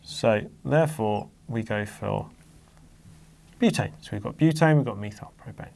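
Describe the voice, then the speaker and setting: A man's voice: lowish voice, moderate pace, vocal fry, a little mellow. A man teaching an exam-focused chemistry lesson, patiently walking through diagrams and leaning hard on key words.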